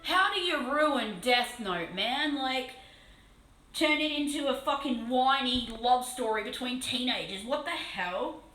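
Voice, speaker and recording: An Australian woman chatting casually on a live stream while painting a model, excitable and swearing freely. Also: high-pitched, a little slow, roomy sound, low-quality recording.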